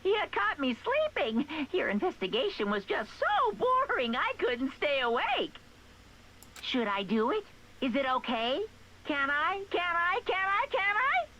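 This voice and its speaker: A woman's voice: high-pitched, pushed and bright, a little hiss or hum, voice pushed up, heavily acted. A woman voicing Monokuma, a gleeful, mischievous male bear mascot, in a sing-song, teasing way.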